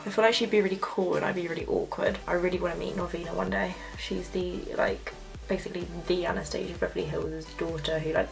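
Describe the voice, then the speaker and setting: Gushing woman with vocal fry. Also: mid-range voice. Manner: gushing, excitable. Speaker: makeup vlogger. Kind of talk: makeup tutorial chat. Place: home filming setup with ring light.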